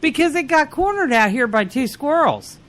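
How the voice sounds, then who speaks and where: Bright, lively woman telling stories. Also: high voice, moderate pace, a little hiss or hum. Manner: laughs often, animated storyteller. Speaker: podcast co-host. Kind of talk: casual comedic chat.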